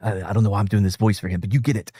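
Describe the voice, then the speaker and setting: A male podcast host in casual reaction chat, talking in an animated, sarcastic, excitable way. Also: lowish voice, rapid-fire, slightly rough, dry recording, studio quality.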